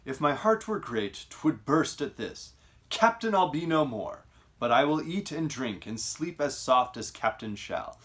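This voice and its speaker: A man's voice: fairly high pitch, very animated, measured pace, pitched above the performer's own voice. A man reading the part of a boastful, cowardly male soldier who vows to live on in shame, declaiming the verse. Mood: defiant. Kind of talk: dramatic reading of a play.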